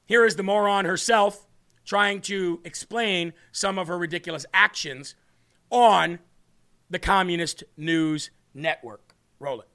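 A man's voice: high voice, a little slow, sharp tone. A man hosting a live political commentary stream, combative and scornful, talking to his co-host.

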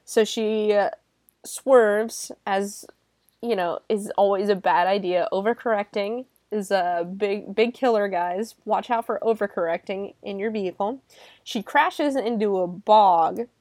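A woman's voice: mid-range voice, a little mellow, dry recording, studio quality. A woman hosting a podcast, talking casually and animatedly, full of sarcasm, swearing and "like" fillers. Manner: lots of "like" fillers. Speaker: podcast host reviewing a film. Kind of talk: casual chat.

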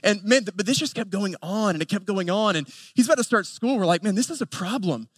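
A man in his thirties with an Appalachian North Carolina accent, preaching a sermon in an earnest way and building lists with emphatic pauses. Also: high-pitched, lively intonation, fairly bright tone, no room sound. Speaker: pastor.

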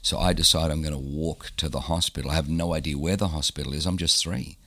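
A man being interviewed, telling a personal story in an animated way and repeating phrases for emphasis. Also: rumbling low, fast. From born in Germany, raised in Australia. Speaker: guest, pastor.

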